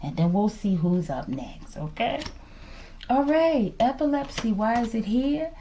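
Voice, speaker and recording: Animated woman reading tarot cards. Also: on the high side, unhurried, slight background noise. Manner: animated, calls out "collective" and "okay?" often. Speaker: tarot reader. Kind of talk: casual tarot reading to viewers.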